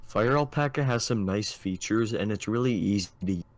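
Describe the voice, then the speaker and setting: A man from Minnesota chatting casually on a livestream voice call, playful and quick to laugh. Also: on the low side, dry recording. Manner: playful, laughs often, puts on an exaggerated local accent. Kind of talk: casual chat on a stream.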